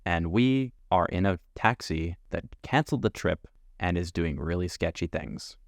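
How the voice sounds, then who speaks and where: Low-voiced man telling a travel story. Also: moderate pace, no echo, studio quality. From Canada. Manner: animated, acts out quoted dialogue. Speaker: travel vlogger. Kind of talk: storytelling narration.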